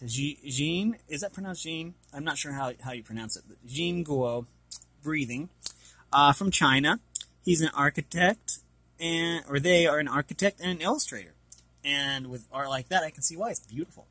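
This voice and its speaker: A man's voice: a little high, normal speed, bright, forceful tone, husky, no echo. A man casually reading an art book aloud and commenting, hesitant and apologetic as he stumbles over names.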